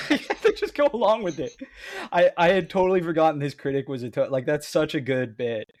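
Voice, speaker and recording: A man's voice: fairly high pitch, a little fast, a little mellow, no room sound. A man co-hosting a podcast in a casual book discussion, enthusiastic and laughing often. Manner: enthusiastic, laughs often, reads quotes aloud. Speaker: podcast co-host.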